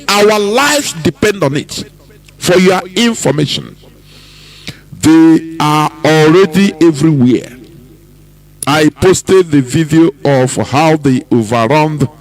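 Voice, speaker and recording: A Nigerian man hosting a political radio broadcast, delivering commentary in an emphatic, preaching manner with drawn-out phrases. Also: fairly high pitch, rough recording. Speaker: radio host.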